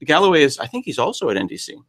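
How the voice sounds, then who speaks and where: A man's voice: fairly high pitch, big pitch swings, racing, fairly bright tone. Jokey rambling male host. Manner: jokey, rambling, self-deprecating. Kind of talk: casual live-stream chat.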